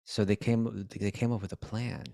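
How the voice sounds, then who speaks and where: A man co-hosting a podcast, casually retelling a story in an animated way, with many restarts. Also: on the low side, moderate pace, vocal fry, dry recording, studio quality. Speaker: podcast co-host.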